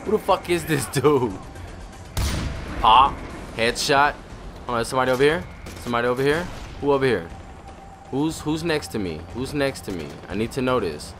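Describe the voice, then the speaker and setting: A young man commenting on his game, cursing and trash-talking, and his voice jumps all over the place. Game music and gunfire play loudly behind him. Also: mid-range voice. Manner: profane, excitable trash talk. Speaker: gamer commentator.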